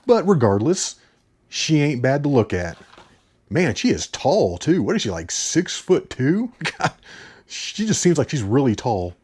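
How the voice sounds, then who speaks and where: A man's voice: mid-range voice, sing-song, measured pace, a little mellow, breathy edge. A man giving a casual, blunt and opinionated movie review, rambling as he goes.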